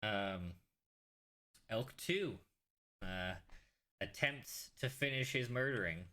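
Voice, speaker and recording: A man's voice: medium pitch, slow pace, sharp tone. A man running a tabletop game as game master, narrating casually with fillers and restarts.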